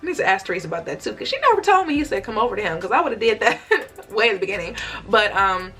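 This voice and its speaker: A chatty young American woman tells a storytime vlog quickly at a medium pitch, with soft music in the background. She retells events expressively, acting out the quotes.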